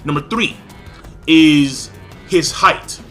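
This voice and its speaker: An excitable man talks through a casual review in a bright, forceful voice that sits a little high. He keeps breaking into acted-out lines with sudden leaps in pitch. Faint music plays underneath. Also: drawn-out words. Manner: excitable, acts out characters' lines with big pitch jumps. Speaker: anime reviewer.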